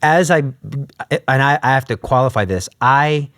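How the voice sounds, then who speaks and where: A man's voice: mid-range voice, moderate pace, smooth, no room sound, studio quality. A man telling his story as an interview guest, acting out the voices of the people in it. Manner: animated, acts out quoted voices. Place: podcast studio.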